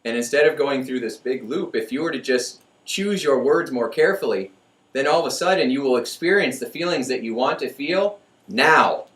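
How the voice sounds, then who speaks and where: Energetic motivational man, echoey room. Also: medium pitch, normal speed. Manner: energetic, acts out voices in stories. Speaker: host. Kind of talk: motivational talk. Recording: echoey room, mic far off.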